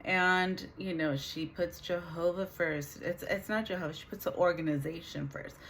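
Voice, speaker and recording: A middle-aged woman vlogging, telling a painful family story in an earnest, halting way with many restarts. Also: lowish voice, steady tone, a bit bright, slight background noise. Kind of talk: emotional personal storytelling.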